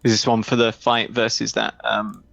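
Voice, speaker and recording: A man's voice: lowish voice, flat delivery, normal speed, gravelly, fairly bright tone, lo-fi sound. A man playing in a tabletop game, joking and teasing the game master in casual banter. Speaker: player.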